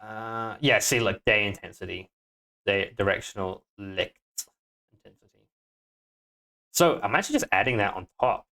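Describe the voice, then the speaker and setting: A man's voice: fairly low pitch, normal speed, creaky, long pauses. Swearing man thinking aloud in a Scottish accent. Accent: Scottish (put on). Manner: mutters to himself, swears, sudden excited outbursts. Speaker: game developer streaming. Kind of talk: live-coding stream, thinking aloud.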